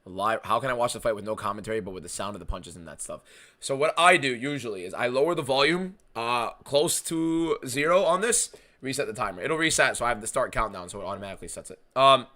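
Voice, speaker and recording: A young man hosting a live fight watchalong stream, talking casually and excitedly, swearing a lot and reading out viewer messages. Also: medium pitch. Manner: excitable, profane, reads chat aloud.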